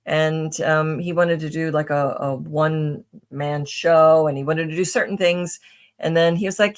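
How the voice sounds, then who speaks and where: Chatty woman telling a personal story. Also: low voice. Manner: chatty, many fillers and restarts, asks "right?". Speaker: podcast guest. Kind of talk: casual interview storytelling.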